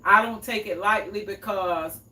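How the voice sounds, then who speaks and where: A woman's voice: medium pitch, unhurried, pushed and bright. A woman hosting a cooking livestream in a home kitchen, chatting casually and answering viewers' comments. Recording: echoey room, mic at a distance.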